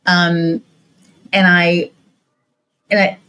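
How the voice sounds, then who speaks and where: A woman's voice: fairly low pitch, little pitch movement, very slow, sharp tone, clear, resonant tone, low-quality recording. A woman hosting a podcast, chatting casually and telling a story with lots of fillers and restarts. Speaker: podcast host. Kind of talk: casual interview chat.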